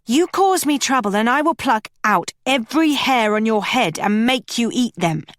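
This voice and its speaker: A woman voicing a bold, quick-tempered young woman who speaks sharply and defiantly in an audiobook. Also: fairly high pitch, expressive, dry recording, natural voice. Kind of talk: audiobook character voice.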